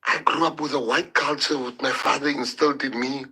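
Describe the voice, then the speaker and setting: A male politician with a husky, emotional voice gives an impassioned public address, halting and repeating words. His medium-pitched tone is steady yet pushed and bright, his first language is Afrikaans, and the recording is rough.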